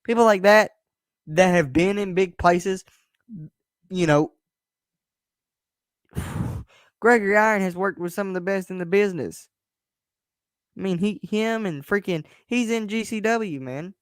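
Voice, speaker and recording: A man's voice: high-pitched, unhurried, long pauses, clean tone, no echo, clean studio sound. A young man hosting his own show, talking in a blunt, emphatic way, swearing freely and often restarting his words. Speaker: host. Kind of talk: casual personal monologue.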